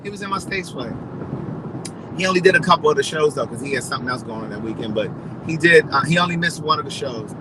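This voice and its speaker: A man chatting casually to his viewers, telling stories in a gossipy, animated way. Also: a little high, quick pace, noisy background. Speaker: vlogger. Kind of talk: casual storytelling chat.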